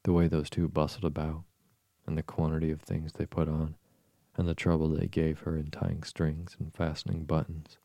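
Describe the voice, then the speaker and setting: A man narrating a bedtime story in a calm, even, soothing reading. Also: very deep voice, normal speed, vocal fry, no room sound, clean studio sound.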